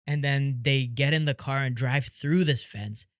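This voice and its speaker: A man hosting a podcast, telling stories in an animated, casual way and laughing a lot. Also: mid-range voice, measured pace, clear, resonant tone, dry recording, studio quality. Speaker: podcast host.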